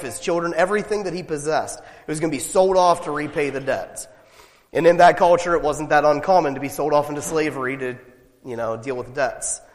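A man preaching a sermon as pastor, emphatic and animated, asking his listeners rhetorical questions. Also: a little high, in a large hall.

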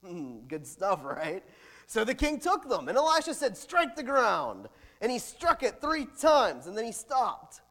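Animated high-voiced man preaching. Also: a little slow, in a large hall. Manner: animated preaching with swings in loudness and asides. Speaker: pastor. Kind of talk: sermon.

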